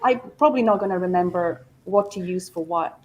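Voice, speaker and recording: A woman from Italy, a podcast guest talking in a hesitant, halting way. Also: on the low side, a little hiss or hum, poor audio. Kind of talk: casual chat.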